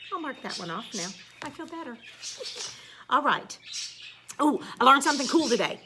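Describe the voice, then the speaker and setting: A woman's voice: high-pitched, noisy background. A woman teacher, ranting casually in a blunt, sarcastic way and swearing now and then.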